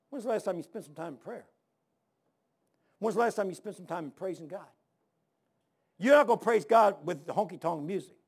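A man's voice: sits high, creaky, slightly rough. A middle-aged male pastor preaching a sermon, telling stories and firing rhetorical questions with emphasis.

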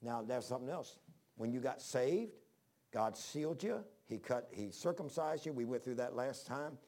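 This male preacher speaks at medium pitch with an animated delivery, a moderate pace and a darkish tone. His sermon rambles in a homespun way through personal stories, with frequent sentence restarts and scripture read in archaic language.

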